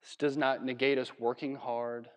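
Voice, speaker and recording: A man from Virginia preaching a sermon in a conversational, animated way, with laughs and asides. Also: medium pitch, normal speed, long reverb tail. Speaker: pastor. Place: church hall.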